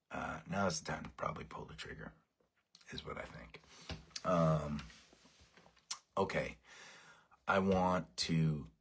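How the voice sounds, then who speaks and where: A man leading a band, giving fans a rambling, excited update while overtired. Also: very deep voice, slightly rough. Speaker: bandleader addressing fans. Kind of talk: casual fan update.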